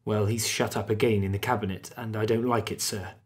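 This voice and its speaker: A man voicing an anxious, dogged Victorian butler, low and uneasy in a husky voice. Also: steady tone, a little fast, natural voice.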